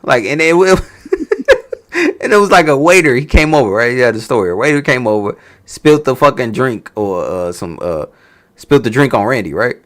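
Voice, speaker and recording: At a moderate pace and medium pitch, this man chats about a wrestling show he's reacting to. His talk is loose and full of swearing, and he laughs along as he spins animated stories.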